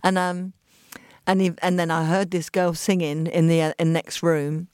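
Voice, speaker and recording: A woman with an East London accent, a guest telling lively stories in a podcast interview and acting out the voices of the people in them. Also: lowish voice, moderate pace, no room sound, studio quality. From England. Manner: animated storyteller acting out quoted voices.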